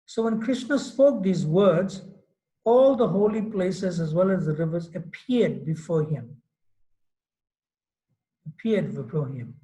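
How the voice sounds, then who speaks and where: Animated storytelling man, slightly high voice. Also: takes it slowly, pauses often, rough recording. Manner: animated, acts out quotes with many "you know" asides. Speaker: monk lecturer. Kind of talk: scripture class storytelling.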